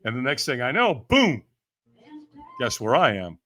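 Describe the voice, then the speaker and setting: This firewalk trainer, a guest on a podcast, speaks briskly in a mid-range voice. His casual storytelling is animated, full of laughter and impressions of what others said.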